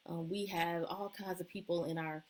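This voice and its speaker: Woman coach talking casually in a low voice. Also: fairly even intonation, moderate pace. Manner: warm-hearted, loose, with many ums and uhs. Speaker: leadership and empowerment coach. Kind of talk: casual live-stream encouragement talk. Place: at home at a table with children nearby.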